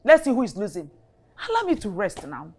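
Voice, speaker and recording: A woman's voice: medium pitch, big pitch swings, a little fast, darkish tone, husky. An actress with a Nigerian accent playing a tired, irritated middle-aged mother who scolds. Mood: exasperated. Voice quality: exasperated, scolding. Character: weary irritated mother who wants to rest. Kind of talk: Nollywood film acting.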